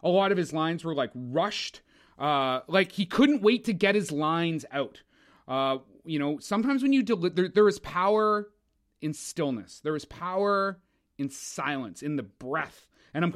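Podcast co-host, male, higher voice, blunt and expressive film critic. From Canada. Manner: opinionated, animated, swears, mocks with put-on voices. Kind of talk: casual film review chat.

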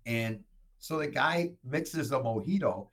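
A man hosting a relaxed listener-question show, spinning stories with lots of rise and fall in his voice. He keeps checking in with "right?" as he goes. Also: medium pitch, measured pace. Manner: animated storyteller who tags lines with "right?". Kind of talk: casual storytelling chat.

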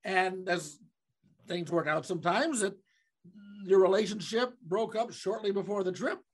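A man's voice: high-pitched, normal speed, slightly rough. A man from Omaha co-hosting a podcast, chatting casually with an old friend and teasing him in easy banter. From Omaha, Nebraska. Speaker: podcast co-host. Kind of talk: casual chat.

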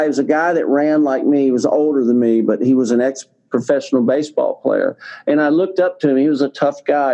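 A man's voice: mid-range voice, mellow. An older man, a guest in an interview, telling a personal story in a rambling way, repeating words and using many fillers. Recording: slightly dull lo-fi recording.

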